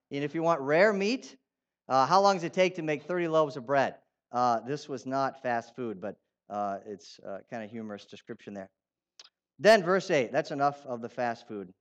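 A man preaching a sermon in a conversational way, asking his listeners questions and turning animated when he reads out quotes. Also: medium pitch, normal speed, dull audio. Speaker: pastor.

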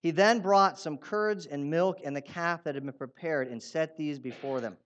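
A man preaching a sermon in a conversational way, asking his listeners questions and turning animated when he reads out quotes. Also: a little high, normal speed, muffled recording. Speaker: pastor.

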